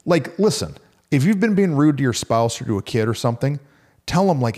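A man, a pastor, co-hosting a casual faith podcast in a relaxed, conversational way. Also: medium pitch, fairly quick. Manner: relaxed and conversational, slips into animated quoted voices.

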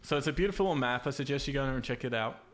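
A man's voice: mid-range voice, rapid-fire, fairly bright tone. A man co-hosting a podcast, chatting loosely with many fillers and easy laughs. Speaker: podcast co-host. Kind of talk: casual chat.

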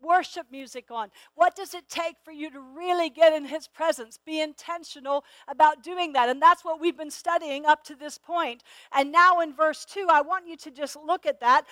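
A middle-aged woman teaching a sermon in an earnest way, often repeating words as she starts, and slowing down to stress key phrases. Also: high-pitched, a bit bright, no echo. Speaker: Bible teacher.

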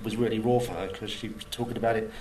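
A man, a screenwriter, talks in a rambling, hesitant, wry way. His voice sits a little low and sounds a step back from the mic, with a faint hum of ambience behind. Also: steady tone, quick pace, darkish tone, distant mic, low-quality recording. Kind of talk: interview.

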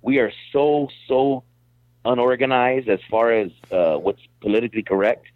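A man's voice: mid-range voice, steady tone, normal speed, no room sound. A man talking bluntly in a casual podcast chat, often repeating words as he starts a thought. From Mexican-American background. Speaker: guest. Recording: tinny phone-like line, dry.

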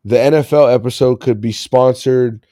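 A man's voice: medium pitch, steady tone, normal speed, dark tone, dry recording, studio quality. A man hosting a casual sports podcast, talking in a loose, rambling way and laughing often. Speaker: podcast host.

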